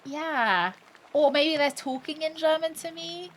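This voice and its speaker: A woman's voice: high voice, unhurried, slight background noise. A woman streamer chatting and joking casually while reading a game aloud. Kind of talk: casual gameplay commentary.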